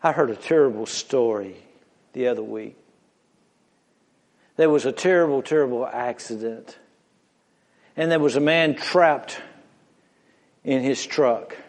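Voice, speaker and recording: A man preaching a sermon, slow and drawn out, dropping to hushed low phrases and rising to shouted climaxes. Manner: slow, drawn-out delivery with dramatic pauses.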